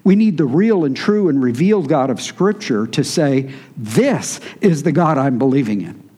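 A man's voice: mid-range voice, expressive, moderate pace, mellow, husky. A man preaching a sermon, teaching in a conversational way and answering his congregation. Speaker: pastor.

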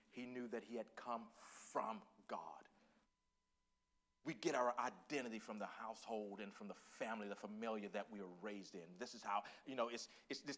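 A man from Northeast Texas with a Southern Texan accent, preaching a sermon that swings from quiet musing to loud, drawn-out exclamation. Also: lowish voice. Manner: laughs and exclaims often.

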